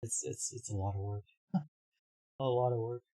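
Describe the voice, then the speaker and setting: A hoarse young man streaming live, chatting casually, reading his chat aloud and laughing often. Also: medium pitch, steady tone, moderate pace, dark tone.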